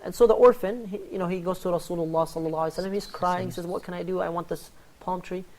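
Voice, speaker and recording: A man hosting a religious panel talk, rattling along at a brisk clip. he tells stories with lively energy and gives each quoted character a voice of its own. he speaks to a panel of guests. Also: sits high. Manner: animated storyteller, acts out quoted dialogue. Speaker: host.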